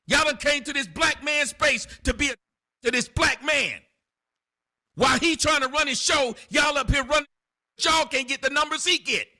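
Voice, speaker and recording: An angry man shouts his way through a heated livestream argument. His voice is extremely high and piercingly bright, and he is confrontational throughout. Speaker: livestream guest.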